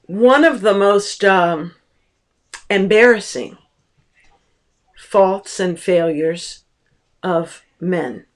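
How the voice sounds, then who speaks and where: A woman teacher giving a lecture on a book, explaining slowly and deliberately with pauses, recorded at home. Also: on the low side.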